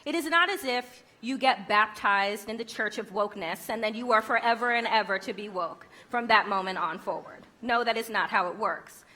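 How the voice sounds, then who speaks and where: A woman's voice: mid-range voice, normal speed, hardly any pauses, pushed and bright. A woman giving a conference keynote speech, emphatic and rhetorical, with wry humor. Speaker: keynote speaker.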